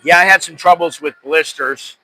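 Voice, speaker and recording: A man's voice: a little high, normal speed, pushed and bright, faint music behind, rough recording. A middle-aged American man hosting a podcast, telling stories in a loose, rambling, self-deprecating way. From United States. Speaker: podcast host. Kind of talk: casual chat.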